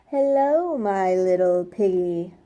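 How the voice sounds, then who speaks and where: A woman voicing a sly, hungry male wolf in a children's story, slow, low and coaxing. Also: lively intonation, warm tone.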